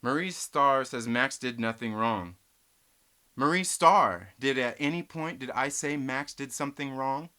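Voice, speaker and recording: A man's voice: mid-range voice, measured pace, sharp tone. A man hosting a live stream, reading viewer chat aloud and ranting with lots of swearing and laughter. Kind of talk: casual live stream rant.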